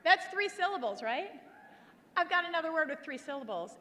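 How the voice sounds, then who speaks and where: High bright woman rallying an arena crowd. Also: fairly quick. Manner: energetic crowd-rousing, leads chants. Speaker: political rally speaker. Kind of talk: rally speech. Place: large indoor rally venue. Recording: echoey arena, crowd noise.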